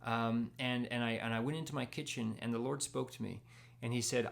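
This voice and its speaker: A man's voice: medium pitch, fairly even intonation, brisk, gravelly. A young man sharing a personal faith testimony in a casual storytelling way, acting out the dialogue and laughing at himself. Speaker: Christian speaker sharing testimony.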